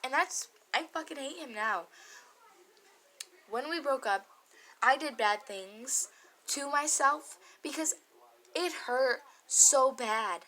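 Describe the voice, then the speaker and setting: Woman vlogger, bright and sharp tone, candid and emotional storytelling with frequent swearing. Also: high-pitched, animated, takes it slowly, pauses often, rough recording. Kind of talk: confessional storytime vlog.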